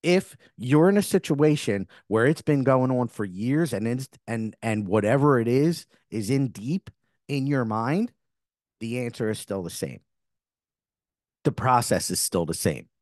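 Middle-aged male podcast host, mid-pitched, earnest and rambling, dry close sound. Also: lively intonation, measured pace, darkish tone, dry recording. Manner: earnest, rambling with frequent restarts. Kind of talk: spiritual podcast monologue.

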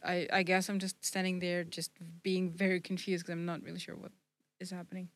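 A woman's voice: on the low side, completely flat delivery, brisk. A woman playing a tabletop role-playing game, asking questions in a puzzled, hesitant way. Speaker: player.

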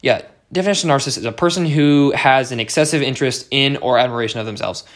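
A man's voice: mid-range voice, fast. Rambling, cursing young American man. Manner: rambling, swears often, many fillers and restarts. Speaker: podcast host. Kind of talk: casual solo podcast monologue.

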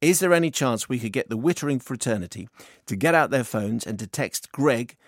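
A British man hosts a radio show in brisk, casual chat, reading listener emails aloud. His voice is mid-pitched and close to a dry studio microphone. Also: expressive, dry recording. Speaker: radio presenter.

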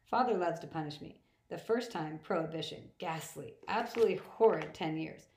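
Woman doing a whiny male god, pompous, mocking, fairly low voice, echoey room. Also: moderate pace, darkish tone, a little hiss or hum, close to an everyday voice. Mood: scornful. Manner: drawling and mocking.

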